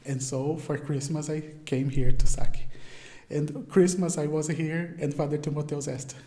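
A man's voice: fairly high pitch, little pitch movement, normal speed, warm tone. A young Brazilian man with a Brazilian Portuguese accent and Portuguese as his first language, answering interview questions in English in a hesitant way, often searching for words. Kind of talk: casual interview talk. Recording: roomy echo.

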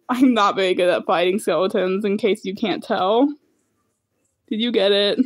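Speaking at a moderate pace with a medium-pitched voice, a woman chats casually with friends during a video game stream. She startles easily, laughing and cursing through the gameplay.

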